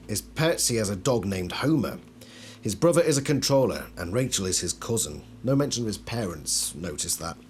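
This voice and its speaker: A man hosts a casual video, reading card texts aloud in a mid-range voice. He keeps breaking in with wry, doubtful asides that drop into quiet mutters. A faint hum sits under the recording. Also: medium pitch. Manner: wry, skeptical asides between read-out passages; laughs and trails off into quiet mutters. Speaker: channel host reviewing collectible cards.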